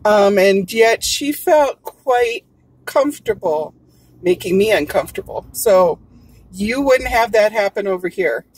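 A woman's voice: medium pitch, animated, unhurried, darkish tone, husky, distant mic, rough recording. A woman from Hawaii with a Hawaiian Pidgin-tinged accent, chatting casually and meandering through stories as a vlog host in a car. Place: in a car with air conditioning. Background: car air conditioning and traffic.

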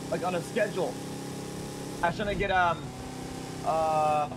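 A man's voice: on the high side, fairly even intonation, unhurried, noisy background. A young man in casual role-play banter, rambling and hesitant with lots of fillers. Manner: rambling, hesitant, laid-back.

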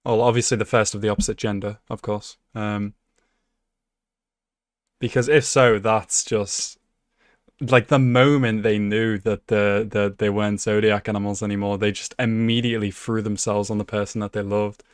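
A man's voice: on the low side, level tone, normal speed, no echo, clean studio sound. A young man hosting an anime reaction video, talking casually and emotionally, swearing and laughing often. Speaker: anime reaction channel host.

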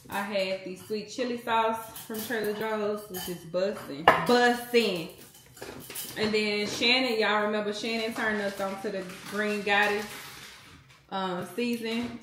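A woman's voice: medium pitch, reverberant, very noisy. A woman in her thirties chatting casually to her viewers in a home vlog, talking straight to them as "y'all". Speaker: vlogger.

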